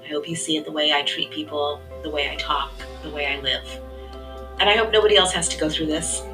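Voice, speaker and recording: A middle-aged woman sharing her faith testimony in an earnest, reflective way, often trailing off softly. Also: deep voice, steady tone, a little fast, music in the background, poor audio.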